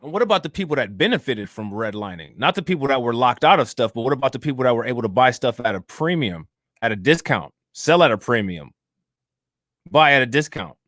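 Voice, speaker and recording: A man's voice: mid-range voice, expressive, brisk, fairly bright tone, no echo, clean studio sound. A man co-hosting a commentary show, talking in a mocking, profane, casual way. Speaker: co-host.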